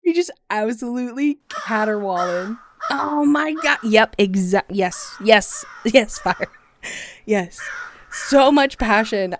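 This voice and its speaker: A young woman, streaming a casual reaction, loud and profane with frequent exclamations. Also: mid-range voice, measured pace, no echo.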